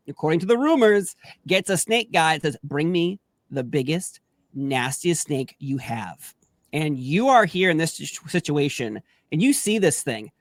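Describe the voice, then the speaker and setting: An eager male host lays out long, chatty questions and laughs easily. His voice sits a little higher than most men's. The sound is close and dry, with no room echo. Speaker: podcast host interviewer. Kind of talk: interview questions, casual chat.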